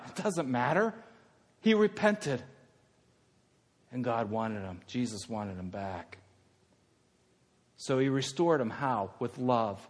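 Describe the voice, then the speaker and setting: A male pastor preaching a sermon, swinging from loud fervent passages to hushed, intimate ones. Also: mid-range voice, lively intonation, slow pace, pauses often, in a large hall.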